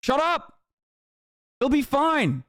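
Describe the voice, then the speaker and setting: Young adult male streamer, high pitched and dry close sound, furious profane rant with mocking asides and a repeated "okay?". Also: big pitch swings, takes it slowly, a bit bright, no echo. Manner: angry, mocking, swearing constantly, repeats "okay?". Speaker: live streamer. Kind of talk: heated profane rant on a livestream.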